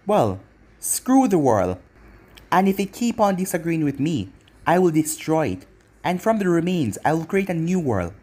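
A reader voicing a cruel young male ninja villain in a fan fiction story, with a taunting, mocking husky delivery. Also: medium pitch, big pitch swings, normal speed, mellow. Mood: cold.

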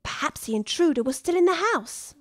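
A woman reading a children's story aloud, expressive and unhurried. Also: sits high, no echo. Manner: slow, lively, expressive. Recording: dry studio with soft music.

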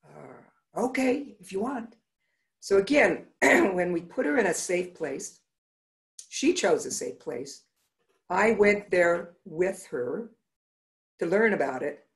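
A woman's voice: fairly low pitch, slow pace. A middle-aged woman optometrist giving a conference talk, telling patient stories and acting out the dialogue. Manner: animated, acts out patients' dialogue.

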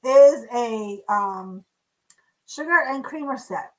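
A woman's voice: on the high side, animated, takes it slowly, a little mellow, poor audio. A woman co-hosting a live online auction, chatting casually as she describes vintage pieces and stumbles over names. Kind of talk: casual live-stream selling chat.

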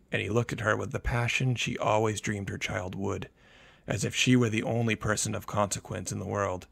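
A man narrates a thriller story in a measured, grave way. His low voice has a gravelly edge. The sound is dry, with no room echo. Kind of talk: scripted dramatic narration.

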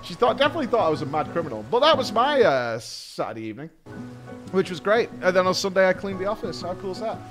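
Animated British man telling stories. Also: high voice, fast, soft background music. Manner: animated, swears, laughs while telling stories. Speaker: podcast host. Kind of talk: casual storytelling.

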